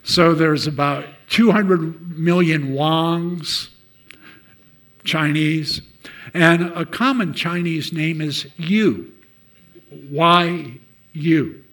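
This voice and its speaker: An older man delivers a sermon at an unhurried pace. His voice sits a little high and rings bright. He tells stories and belts out the lines of the people in them. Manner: storytelling, shouts out acted quotes. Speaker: preacher.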